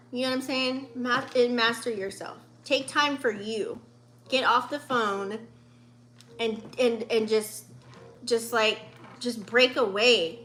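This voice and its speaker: A woman's voice: on the high side, a bit bright, slight background noise. A woman in her late thirties giving a casual, profane, heartfelt pep talk in a spiritual vlog, with many fillers. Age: 30s. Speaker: vlogger.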